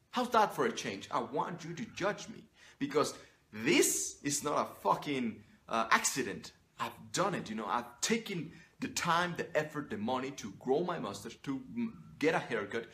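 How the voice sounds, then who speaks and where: A man's voice: on the high side, a bit bright. Blunt, profane man lecturing to camera. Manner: blunt and profane, emphatic preaching. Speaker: image coach. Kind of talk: motivational monologue to camera.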